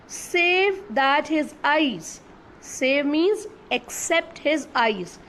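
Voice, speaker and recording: A woman's voice: high voice, fairly bright tone, a little hiss or hum, poor audio. A woman English teacher giving an online class from home, reading a story aloud and patiently explaining words to the children. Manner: slow, patient explaining, often asks the children questions.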